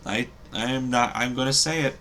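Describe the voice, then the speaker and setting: A man's voice: mid-range voice, normal speed, sharp tone, a little hiss or hum. A young man giving casual football predictions as a show host, rambling and hesitant with frequent ums and self-corrections. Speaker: sports podcast host.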